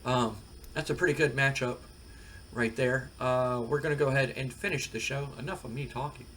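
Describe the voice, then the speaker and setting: A man's voice: mid-range voice, moderate pace, a little hiss or hum. A man casually talking through a wrestling management game for his channel, rambling with lots of fillers. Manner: rambling, relaxed, many fillers. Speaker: gaming video creator.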